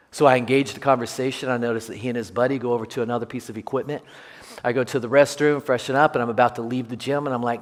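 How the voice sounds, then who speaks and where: Male pastor, mid-pitched, animated and self-deprecating as he tells a sermon story in a reverberant church hall. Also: brisk. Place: church sanctuary.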